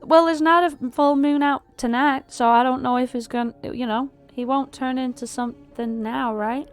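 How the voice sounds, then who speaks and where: A woman's voice: sits high, fairly even intonation, normal speed, clean tone, faint music behind. A woman voicing a carnival character who drawls and thinks aloud. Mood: pondering.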